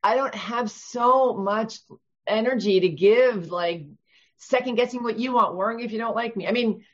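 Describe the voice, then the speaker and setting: A woman in her fifties, an author guest chatting casually in an interview, talkative and quick to laugh, with many restarts. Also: fairly high pitch, muffled recording. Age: 50s.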